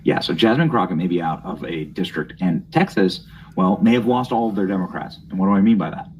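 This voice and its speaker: A man's voice: deep voice, lively intonation, fairly quick, darkish tone, slight background noise, poor audio. A young man hosting a political commentary show, reading news aloud with mocking, snide asides.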